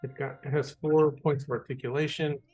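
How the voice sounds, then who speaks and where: A man's voice: a little high, little pitch movement, fairly quick, darkish tone. Male podcast host, easygoing and chatty, walks through details with restarts; faint music under. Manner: describing toys in detail, with fillers and restarts. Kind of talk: casual chat.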